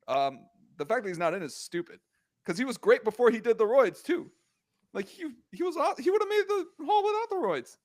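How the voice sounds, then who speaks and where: A young man hosting a casual sports podcast, animated and joking, heated as he rants, full of slang and filler words. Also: high voice, brisk. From Korean American. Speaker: podcast host.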